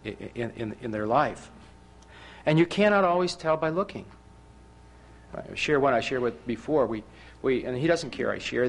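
A male preacher delivering a sermon in a mid-pitched voice. He tells his story with animated rises and emphatic bursts, often stumbling and restarting his sentences. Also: gravelly.

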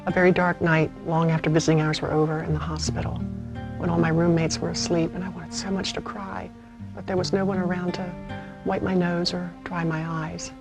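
A woman in her fifties narrates her own story with a low, gravelly voice. She speaks in a measured, reflective way with small hesitations, and music plays clearly underneath. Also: little pitch movement, rough recording. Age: 50s. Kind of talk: personal testimony narration.

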